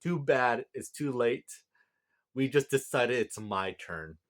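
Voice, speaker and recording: Man doing a jackal god, hyperactive, boastful, pushy, loud and high, repeats words. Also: animated, slow.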